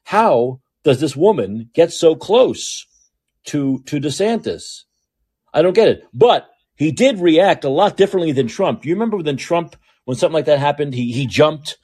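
A man's voice: on the high side, lively intonation, normal speed, a little mellow, breathy edge, no room sound, clean studio sound. A male host giving blunt, profane political commentary in a ranting way, with frequent restarts.

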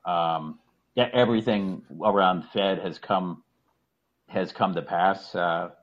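A man's voice: low-pitched, takes it slowly, dull audio. A man from the Boston area with a Boston accent, chatting casually as a caller on a podcast and rambling with frequent restarts. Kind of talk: casual call-in podcast chat.

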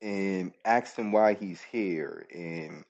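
Very low-voiced man, rambling recap. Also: takes it slowly, a little mellow. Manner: rambling, self-correcting storytelling. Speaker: podcast host. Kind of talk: casual wrestling show recap. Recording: dull, lo-fi call-in audio.

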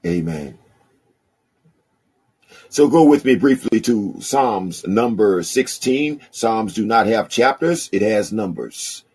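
A husky-voiced man preaches with a Southern country accent, drawing his words out slowly. His delivery swings widely in pitch, climbing on key phrases and dropping low after them. He reads scripture in a preaching cadence. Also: animated, darkish tone. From rural American South. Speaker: pastor. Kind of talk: sermon.

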